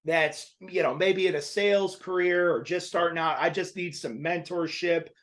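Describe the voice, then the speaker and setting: Agreeable high-voiced man hosting a podcast. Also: fairly even intonation, a bit bright. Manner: agreeable, quick to back up his guest. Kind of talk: casual podcast talk.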